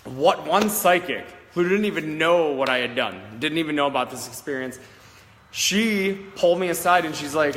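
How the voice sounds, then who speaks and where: A man's voice: on the high side, expressive, normal speed, a bit bright, big-room sound, slight background noise. A man in his thirties, a psychic medium, telling a personal story in a rambling, candid, casual way, often checking in with "all right?" and swearing now and then. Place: old country schoolhouse, indoors.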